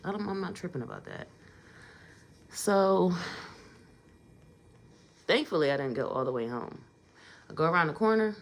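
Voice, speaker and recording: A woman with a strikingly deep, low voice tells a casual storytime vlog. She talks conversationally and leans into emphatic asides.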